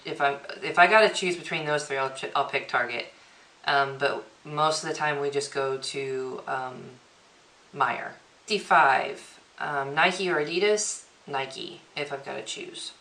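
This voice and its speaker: Chatty young woman, bright echoey voice. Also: deep voice. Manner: chatty, reads questions aloud then answers offhand. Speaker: beauty vlogger. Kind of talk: casual Q&A tag video. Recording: echoey room.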